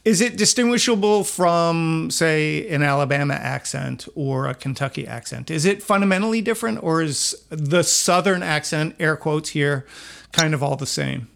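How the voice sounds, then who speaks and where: Gravelly host asking long questions. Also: male voice, on the high side, moderate pace, fairly bright tone. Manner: curious, chatty, asks long questions. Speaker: interviewer host. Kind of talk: casual interview chat.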